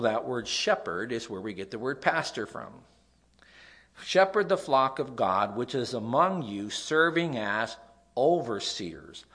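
A young man with a nasal voice, a pastor preaching a sermon, dropping to soft asides and rising to loud emphasis. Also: on the low side.

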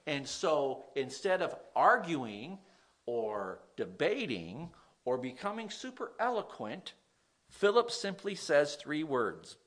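A man's voice: on the high side, takes it slowly. A man preaching a sermon in a conversational way, often putting questions to his listeners. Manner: animated, conversational, asks the audience questions.

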